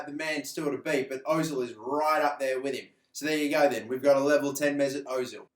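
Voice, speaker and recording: A man's voice: on the high side, roomy sound. A man with an Australian accent, a YouTuber giving chatty, teasing, slang-heavy casual commentary.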